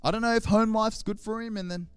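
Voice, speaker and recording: A man's voice: high-pitched, fairly even intonation, fast talker, clean tone, no echo. An Australian man, a pastor, tells humorous stories in a sermon, acting out scenes with sound effects.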